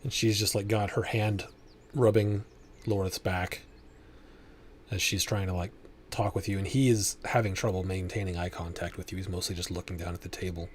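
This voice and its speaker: Low-voiced man narrating as game master. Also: steady tone, a little hiss or hum. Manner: descriptive, unhurried, with restarts.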